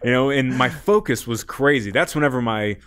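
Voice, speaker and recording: A man as a podcast guest, telling a long story in a loose, animated way, laughing often and leaning on "like". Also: mid-range voice, a little fast, smooth. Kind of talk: casual storytelling.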